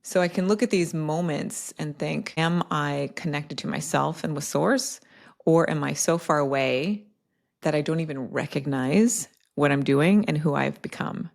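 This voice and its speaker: A woman with a low voice and a gravelly, fry-laden edge speaks as a podcast guest. She tells personal stories in a reflective, unhurried conversational way, leaning on "like" and "right?" as she thinks aloud. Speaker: podcast guest, health coach. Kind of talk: casual conversational interview.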